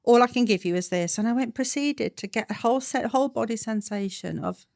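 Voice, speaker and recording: A woman's voice: a little high, brisk, vocal fry, dry recording, studio quality. A woman with an English accent, a guest on a podcast, telling stories casually and acting out what people said. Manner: animated anecdote teller, acts out quotes. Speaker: guest, celebrant.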